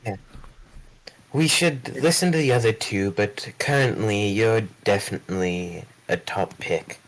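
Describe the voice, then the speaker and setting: A man playing in a tabletop role-playing game, calm and agreeable. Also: fairly low pitch, unhurried, poor audio. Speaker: player.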